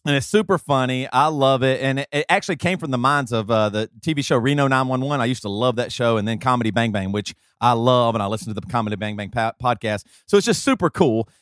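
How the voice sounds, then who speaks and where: A man's voice: mid-range voice, animated, quick pace, few pauses, a bit bright, dry recording, clean studio sound. Chatty man telling a long story. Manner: rambling, talkative storyteller with many fillers. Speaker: podcast co-host. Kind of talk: casual chat and host-read ad.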